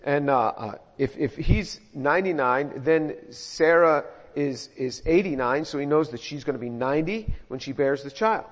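A man's voice: on the high side, moderate pace, few pauses. A middle-aged man preaching a verse-by-verse sermon in a conversational way, often repeating words as he goes. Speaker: pastor. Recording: muffled sound in a reverberant hall.

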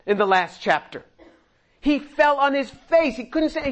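A man preaching through a Bible passage, animated, laughing often and acting out the quoted lines in voices. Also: very high-pitched, a little slow. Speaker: pastor. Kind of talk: expository sermon reading and commenting on scripture.

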